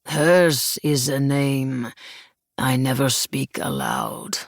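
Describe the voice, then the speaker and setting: A woman voicing a frail, nearly hundred-year-old writer with a sharp Russian accent, speaking slowly and gravely. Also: a bass voice, big pitch swings, no room sound, studio quality, heavily acted. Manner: slow, measured and grave.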